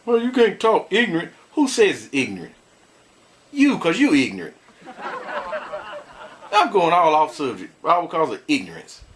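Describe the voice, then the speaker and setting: A man's voice: fairly high pitch, huge pitch swings, moderate pace, long pauses, slight background noise. A married man vlogging, ranting bluntly to his viewers and laughing often as he complains. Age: adult, married. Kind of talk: casual ranting commentary.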